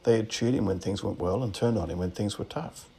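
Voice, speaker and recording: A man with an Australian accent preaching a sermon in a measured, reflective way, asking rhetorical questions. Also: lowish voice, dark tone, breathy edge.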